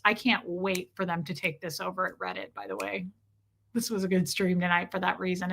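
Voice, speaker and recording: A woman's voice: mid-range voice, pushed and bright. A woman hosting a livestream, chatting casually and reading viewer comments, with brash, crude joking. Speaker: livestream host.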